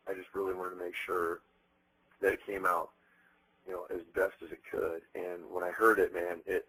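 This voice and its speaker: A man in his thirties being interviewed, telling stories bluntly with plenty of profanity and animated energy. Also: sits low, breathy edge, poor audio. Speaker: interviewed musician. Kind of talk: candid interview talk.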